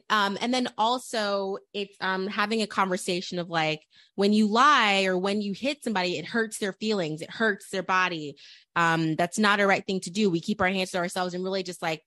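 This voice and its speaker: Young mom co-host, animated and chatty, filler-heavy storyteller, dead-dry mic. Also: female voice, medium pitch, no echo. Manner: animated storyteller, quick asides, many "like"s. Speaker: podcast co-host, mother. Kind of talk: casual chat.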